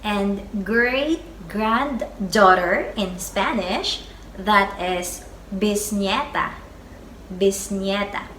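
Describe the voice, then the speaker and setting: A woman teaching a beginner Spanish vocabulary lesson, saying each word twice in a slow, deliberate way. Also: medium pitch, a bit bright. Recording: echoey room with faint background noise.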